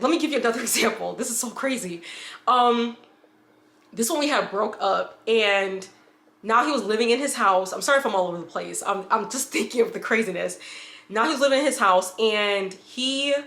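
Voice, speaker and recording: Bright-voiced woman rambling through a storytime. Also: on the high side, reverberant. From upstate New York. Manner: rambling with restarts and asides. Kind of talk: casual storytime.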